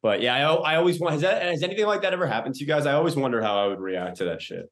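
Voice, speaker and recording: A man's voice: on the high side, lively intonation, very fast. A man in his thirties hosting a podcast, talking loosely with lots of fillers and casual swearing. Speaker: podcast host. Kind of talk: casual chat.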